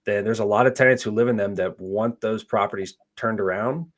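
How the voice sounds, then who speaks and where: Relaxed man rambling through answers. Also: lowish voice, fairly quick. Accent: none, not Southern. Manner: relaxed, rambling with fillers and restarts. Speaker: guest, park investor. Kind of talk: casual interview answers.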